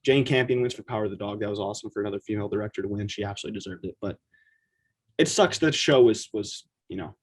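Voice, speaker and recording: A man co-hosting a podcast in a casual chat, talking in an animated way and acting out quotes in quick asides. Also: on the low side, slightly rough. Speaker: podcast co-host.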